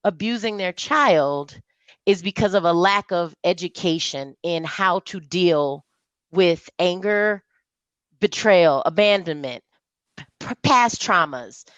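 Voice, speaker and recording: A woman as a podcast guest, speaking in casual conversation, animated and storytelling, mimicking the voices of people she talks about. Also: fairly low pitch, slow, dry recording, highs cut off.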